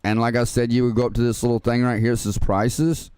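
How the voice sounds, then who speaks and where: This farming-game livestream host speaks fast in a mid-range voice that's smooth, a little mellow, and fairly flat in delivery, with no echo. He chats casually while teaching viewers the controls, tossing in "man" and "dude."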